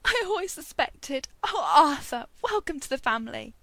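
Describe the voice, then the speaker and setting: A warm-hearted middle-aged mother, tearful and tender as she welcomes someone, voiced by a woman reading a story. The voice moves widely in pitch. It sounds close and dry. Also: big pitch swings, normal speed, no echo.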